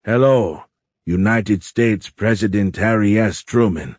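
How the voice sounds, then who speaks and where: Man voicing a polite alien admiral, formal, measured, stiff phrasing, low voice. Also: a little mellow, dry recording, studio quality. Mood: courtly, measured.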